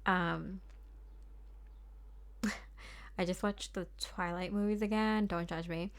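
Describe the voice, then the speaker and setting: A young woman talks through a tarot card reading in a loose, casual way, full of fillers and small laughs. Her voice sits slightly lower than most women's. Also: fairly even intonation, slow. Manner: chatty and rambling, full of fillers and little laughs.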